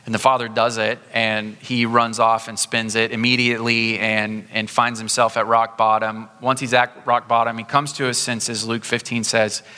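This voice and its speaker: A male pastor preaches a sermon in a warm, conversational way, slowing down when he wants a point to land. His voice is bright and forceful. The sound carries the long reverb of a large church sanctuary. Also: medium pitch, level tone, smooth. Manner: conversational, slows down for emphasis.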